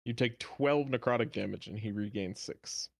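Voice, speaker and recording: A man's voice: lowish voice, moderate pace, gravelly, no room sound, clean studio sound. A man narrating as game master of a tabletop game, matter-of-fact and playful.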